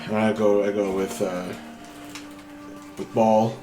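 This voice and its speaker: A man's voice: lowish voice, little pitch movement. A man playing a tabletop game, stumbling over his words as he describes his character's actions. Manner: halting, repeats himself as he speaks in character. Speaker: player. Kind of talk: casual tabletop play. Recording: roomy sound with background music.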